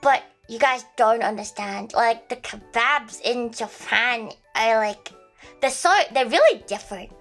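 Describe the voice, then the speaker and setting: A woman's voice: on the high side, measured pace, fairly bright tone, soft background music. A young Australian woman streaming and chatting casually, rambling with lots of fillers, giggles and swearing. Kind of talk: casual livestream chat.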